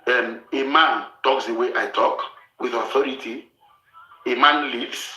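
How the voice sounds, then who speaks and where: A man's voice: mid-range voice, fairly even intonation, unhurried, roomy sound, rough recording. A man from Africa hosting a show, giving blunt, lecturing relationship advice and repeating his points. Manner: forceful, lecturing, repeats himself.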